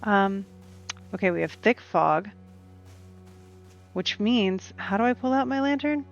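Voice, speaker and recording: A woman with a mid-range voice and lively intonation talks a little slowly as she streams a cozy game. She rambles casually and answers back to the characters on screen. The lo-fi stream audio sounds dull, with faint game music behind her.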